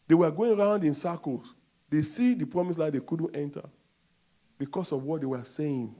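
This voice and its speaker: A man's voice: on the high side, normal speed. Preaching man with a Nigerian accent. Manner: preaching with sudden loud outbursts and call-and-response. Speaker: pastor. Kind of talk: sermon.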